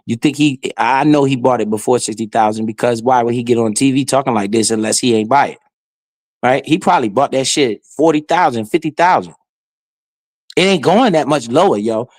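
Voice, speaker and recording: Animated, heckling man with dry sound. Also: mid-range voice, fairly quick, no room sound. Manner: animated, heckling, swears and laughs often. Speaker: finance streamer. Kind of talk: casual commentary over a played clip.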